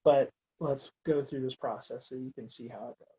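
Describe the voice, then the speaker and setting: A man's voice: medium pitch, fairly even intonation, normal speed, darkish tone, slightly rough, dull audio. A man teaching a recorded math lecture, working through steps aloud in a casual, wry way. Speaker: math instructor.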